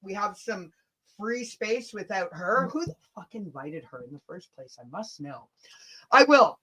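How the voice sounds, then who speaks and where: A woman co-hosting a casual livestream chat, loud and profane, teasing and laughing often. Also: mid-range voice, expressive, measured pace, slightly rough. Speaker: livestream co-host.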